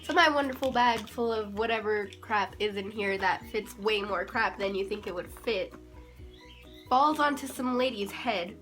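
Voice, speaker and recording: A young woman vlogger telling an embarrassing story in a rambling, animated, self-mocking way. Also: mid-range voice, normal speed, soft background music. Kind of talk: casual storytime.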